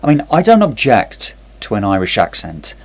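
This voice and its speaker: A man's voice: on the low side, wildly swooping pitch, moderate pace. Sarcastic man reviewing a TV series. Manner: sarcastic, critical. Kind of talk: scripted review narration.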